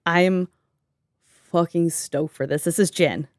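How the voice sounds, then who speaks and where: A woman's voice: on the low side, takes it slowly, no echo, clean studio sound. A woman co-hosting a casual podcast, joking, giggling and swearing as she reacts to the story. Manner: giggly, profane, playful interjections. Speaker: podcast co-host.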